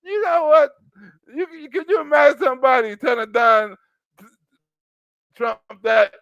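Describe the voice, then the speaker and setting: A man's voice: very high-pitched, lively intonation, normal speed, creaky, long pauses, fairly bright tone, dry recording, muffled recording. A man doing comedic reaction commentary, mocking and laughing often, with street slang.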